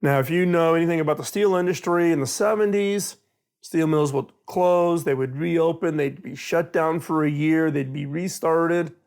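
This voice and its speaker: Gravelly middle-aged man telling a story. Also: on the high side, moderate pace. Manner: animated storyteller, acts out quoted dialogue. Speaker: speaker on innovation. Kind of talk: storytelling talk.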